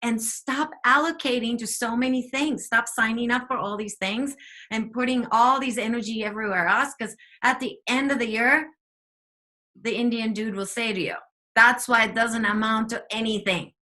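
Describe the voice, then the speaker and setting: Bright-voiced woman, chatty teacher. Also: a little high, normal speed. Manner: chatty and animated, with fillers. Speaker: podcast co-host, teacher. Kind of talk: casual spiritual talk.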